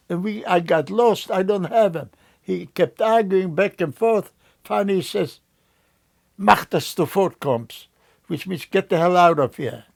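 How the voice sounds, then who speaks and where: An older man recounting memories in an interview, telling his story in a slow, halting way with frequent restarts. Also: a little high, gravelly, darkish tone.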